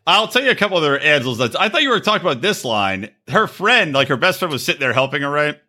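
A man with a bright, ringing voice that sits high and swings all over the place. He tells rowdy, crude stories over a video call and keeps them lively. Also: quick pace. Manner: rowdy, crude, animated storytelling with put-on voices. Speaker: podcast co-host. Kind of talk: casual chat.

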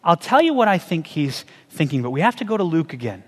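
A man with a fairly high voice preaches to his congregation in an easy, conversational way, often pausing to ask questions. His words ring out with a long reverb, as in a large church sanctuary. He keeps his delivery engaged and chatty rather than formal. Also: sing-song. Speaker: pastor. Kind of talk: sermon.

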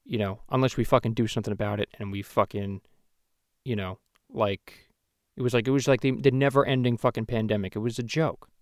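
A man's voice: mid-range voice, fairly even intonation, brisk, dry recording, clean studio sound, lightly acted. A man voicing a foul-mouthed cartoon baby, ranting profanely and rambling in a comedic podcast. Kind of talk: comedic podcast rant in character.

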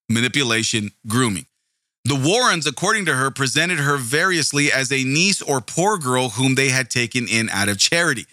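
A man rants in a casual, profane commentary, his bright, edgy voice heavy with indignation and sarcasm. The sound is close and dry, with no room around it. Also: mid-range voice, no echo. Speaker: commentary video host.

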